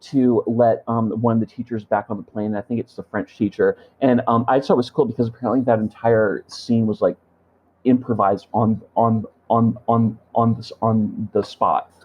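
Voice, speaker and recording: A man's voice: lowish voice, level tone, normal speed, slightly rough, dull audio. A man co-hosting a podcast in casual chat, talking hesitantly with lots of ums and likes. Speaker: podcast co-host.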